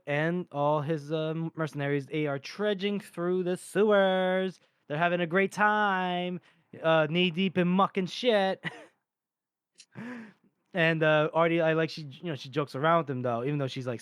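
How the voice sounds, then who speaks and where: A man co-hosting a casual book podcast, telling the story in a loose, rambling way, full of laughs and the odd swear. His voice sits fairly high and sounds smooth and clean. The sound is close and dry, with no room around it. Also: a bit bright, dry recording. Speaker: podcast co-host. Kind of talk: casual book-discussion chat.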